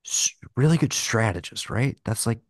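Expressive and at a normal speed, this podcast co-host has a mid-range voice. His casual film discussion rambles, is profane, and is heavy on filler words like "like," captured with studio quality and no echo.

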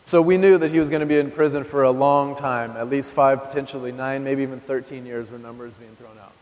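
A man's voice: medium pitch, steady tone, a little fast, a little mellow. Male preacher, 30s, candid testimony delivered conversationally to the congregation; live recording in a reverberant hall. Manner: candid, conversational, addresses the audience directly. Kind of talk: personal testimony sermon. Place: church hall.

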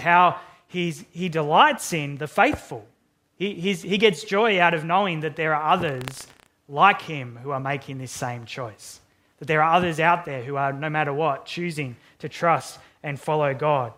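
A man's voice: a little high, measured pace, pushed and bright. A man, a pastor, praying and then reading and unpacking a psalm verse by verse in an earnest, emphatic sermon. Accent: Australian.

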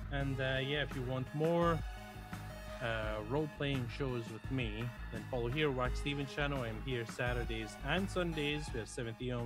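Friendly male streamer signing off. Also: mid-range voice. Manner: friendly, measured, promotional. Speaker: player and streamer. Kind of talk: sign-off shout-outs.

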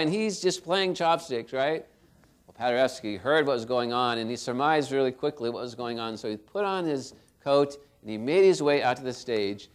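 A man preaching a sermon as pastor, telling a story and swinging between loud and soft. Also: fairly high pitch, smooth.

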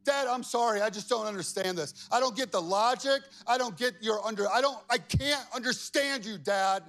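A man acting out a frustrated, resentful older brother who shouts and pleads with his father. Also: high voice, normal speed, soft background music, pitched above the performer's own voice. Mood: pleading.

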